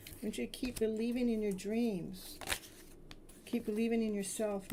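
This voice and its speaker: A woman tarot reader speaking soothing spiritual affirmations, slowly repeating each phrase. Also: medium pitch, steady tone, background noise.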